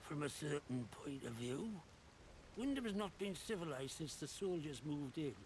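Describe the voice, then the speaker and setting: An actor voicing a wary, chatty male survivor in a game, with a gravelly, rambling way of talking. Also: on the high side, expressive, normal speed, a little mellow, a little hiss or hum, lightly acted. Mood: wary chatter. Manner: rambling, gossipy, suspicious of strangers. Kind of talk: video game dialogue.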